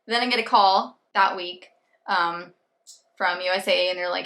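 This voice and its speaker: A young woman vlogger tells a personal story straight to camera in a chatty, animated way, slipping into little quoted asides of her own thoughts and of the people she talked to. Her voice is bright and clear yet lowish, at a normal speed.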